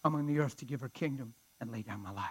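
A man pastor preaching through a personal story, fervent and conversational, often dropping to a hush. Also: medium pitch, fast talker, breathy edge, low-quality recording. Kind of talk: storytelling sermon.

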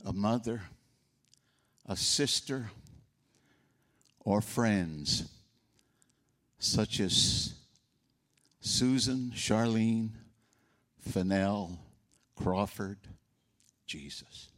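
With a lowish, slightly bright voice, an older man speaks extremely slowly and leaves long pauses. He is eulogizing his sister in a folksy way, recounting stories and mimicking the voices in them.

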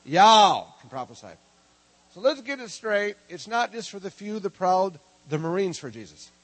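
Animated joking preacher, husky voice. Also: male voice, sits high, normal speed, no room sound, rough recording. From Minnesota. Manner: animated, joking, calls for congregation response. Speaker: preacher teaching a prophetic ministry school. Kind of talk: lively humorous sermon.

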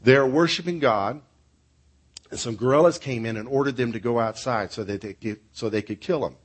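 A male pastor delivers a sermon, earnest and steady as he tells stories to his congregation. His voice sits at an ordinary middle pitch, and he moves from storytelling into prayer. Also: moderate pace, slightly rough.

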